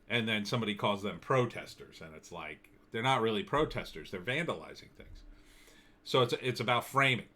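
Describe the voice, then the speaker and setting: Forceful, low-voiced opinionated male commentator. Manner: opinionated, sardonic, loose and conversational. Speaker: political commentator.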